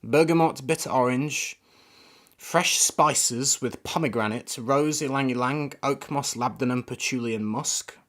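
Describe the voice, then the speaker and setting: A man with a medium-pitched voice speaks at an unhurried pace while reviewing fragrances on a live stream. He rambles casually through first impressions, often groping for words.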